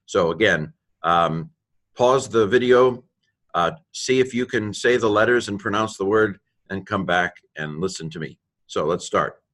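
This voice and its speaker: A man's voice: on the low side, a little slow, a bit bright. A man teaching a recorded lesson on Greek grammar over slides, thinking aloud, correcting himself and making playful asides.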